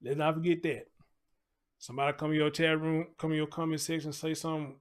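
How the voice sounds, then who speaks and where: A man's voice: on the high side, level tone, fast talker. Blunt, slangy man hosting a livestream. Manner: blunt, laid-back, slangy, reads chat names aloud. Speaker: YouTube livestream host. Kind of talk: casual livestream chat.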